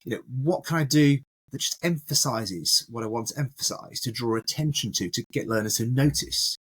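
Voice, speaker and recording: A man with a slightly husky, breathy voice talks through teaching ideas with lively emphasis. His pitch sits mid-range for a man, and he sounds engaged and animated in a casual podcast discussion. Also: normal speed. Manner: animated, acts out classroom examples. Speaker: maths educator, podcast co-host.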